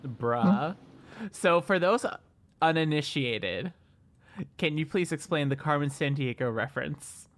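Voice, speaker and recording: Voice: mid-range voice, expressive, unhurried. Joking cohost on a podcast, voice jumps all over, cuts in a lot. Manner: joking, interjecting, swears. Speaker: podcast co-host. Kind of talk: casual chat.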